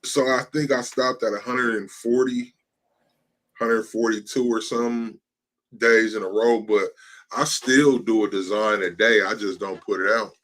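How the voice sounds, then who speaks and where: A man with a very low voice that barely rises or falls talks about his design work in loose, laid-back phrases. He has the hiccups and keeps breaking off. It is an unhurried podcast conversation. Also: steady tone, a bit bright. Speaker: podcast guest, t-shirt designer. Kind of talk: casual podcast chat.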